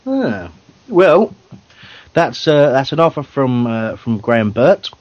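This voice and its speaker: A man hosts a fan radio show, chatty and self-deprecating, breaking into laughter now and then. His voice sits at a middling pitch. The recording is dry and dull, like a lo-fi home setup. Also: big pitch swings, slow pace, no room sound. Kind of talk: casual banter hosting.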